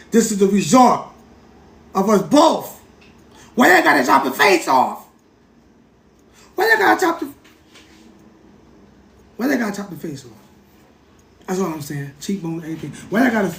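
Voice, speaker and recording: A man hosting a livestream, lecturing in a casual, animated way, repeating himself and talking straight to his chat. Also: high-pitched, roomy sound. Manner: animated, repetitive, keeps addressing the chat. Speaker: livestream host.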